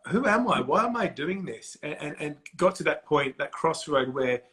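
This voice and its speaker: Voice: mid-range voice, big pitch swings, normal speed, fairly bright tone. A podcast host asking a long, supportive interview question. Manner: supportive, finishes the guest's sentences.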